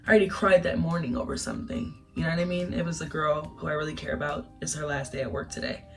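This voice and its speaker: A young woman telling a casual storytime vlog, animated and emotional, laughing through tears. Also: sits low, fast. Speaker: vlogger. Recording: distant mic with music behind.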